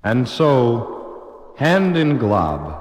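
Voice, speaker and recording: A man's voice: medium pitch, sing-song, extremely slow, reverberant, long reverb tail. A man narrating like a movie trailer, in a sweeping, melodramatic delivery.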